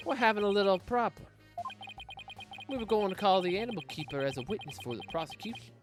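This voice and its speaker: A man's voice: high-pitched, voice pushed up. A man putting on a chipper, eager detective. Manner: upbeat, eager reading of game lines. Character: overeager male police detective. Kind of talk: reading video game dialogue aloud.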